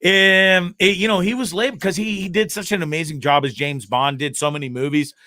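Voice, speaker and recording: A man with a bright, forceful voice pitched a bit above the usual, hosting a live web show in a casual, profane way. He rants and laughs freely between topics. The sound is dry and close. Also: fairly even intonation, fairly quick, no room sound. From Canada. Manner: profane, ranting and laughing often. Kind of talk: casual live-stream chat.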